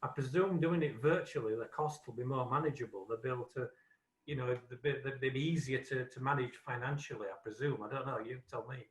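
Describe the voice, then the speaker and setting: A man's voice: mid-range voice, a little fast, echoey room, distant mic, poor audio. A man with a Yorkshire accent, politely and tentatively asking a question as a club member. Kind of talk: casual question.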